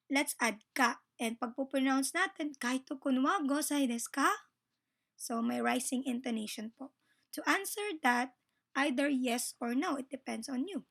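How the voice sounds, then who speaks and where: A woman with a Filipino accent teaching a Japanese grammar lesson in a polite, casual way, switching between Tagalog and English and slowing down for the example sentences. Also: high-pitched, a bit bright.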